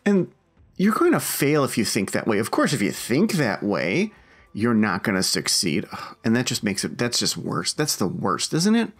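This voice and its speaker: A man talks through his own self-help podcast in a wry, self-mocking tone. His voice has a gravelly, fry-heavy edge, and his pitch swoops widely as he teases the listener. He keeps it conversational and slips into put-on voices when he quotes others. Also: big pitch swings, normal speed, soft background music. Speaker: podcast host.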